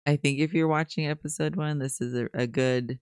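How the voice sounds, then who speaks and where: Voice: mid-range voice, fairly even intonation, a little fast, clean tone, no echo. A podcast co-host in casual chat, giving dry, blunt one-word summaries of characters.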